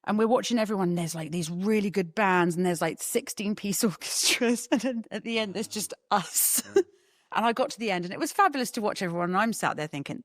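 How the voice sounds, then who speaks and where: A woman guest chatting casually in an interview, an animated storyteller who laughs often. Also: medium pitch, brisk, no room sound, studio quality. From England.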